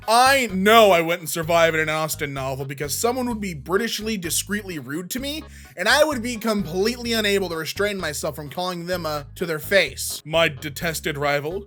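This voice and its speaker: A man reading online posts aloud as a comedy host, joking, shouting punchlines and doing quick silly voices. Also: high-pitched, expressive, faint music behind.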